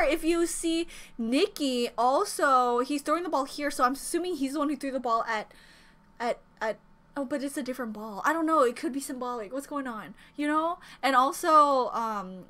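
Bubbly reaction host, woman, high bright voice, emotional and exclamatory, faint music behind. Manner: gushing, exclamatory, rambling and emotional. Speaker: K-pop reaction youtuber. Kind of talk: excited music video reaction.

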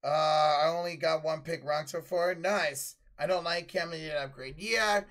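A man with a notably high voice runs a live play-by-play stream, calling each possession and rising to loud calls on big plays. Between plays he relaxes into loose, profanity-laced chat with his viewers. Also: moderate pace. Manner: casual, swears freely, answers chat.

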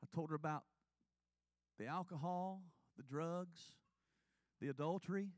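A man's voice: a little high, a little slow, no room sound. A man, preaching in church and telling his own testimony in an earnest, confessional way. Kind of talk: sermon testimony. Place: church sanctuary.

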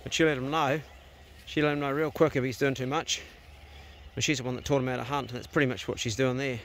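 A man's voice: medium pitch, fairly even intonation, fast talker, fairly bright tone, a little hiss or hum. A man, talking in a casual vlog on a rural farm, coaxing and commanding his dogs and ducks. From New Zealand. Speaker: vlogger.

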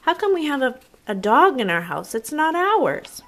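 A bewildered family member from a storybook, asking what this strange dog is doing in the house, as a woman reading aloud puts them on. The voice rises high and exclaims in puzzlement. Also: big pitch swings, moderate pace, fairly bright tone, exaggerated voice. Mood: puzzled.

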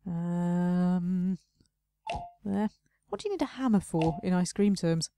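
A woman's voice: lowish voice, expressive, takes it slowly, mellow, dry recording. Chatty woman narrating her gameplay. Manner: chatty, self-mocking, talks to herself while playing. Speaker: let's play host. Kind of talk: casual gameplay commentary.

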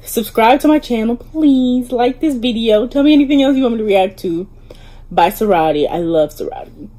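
Woman reaction host, casual and gushing, lively pitch swings, warm mellow tone. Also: brisk. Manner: gushing and enthusiastic. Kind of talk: casual music video reaction.

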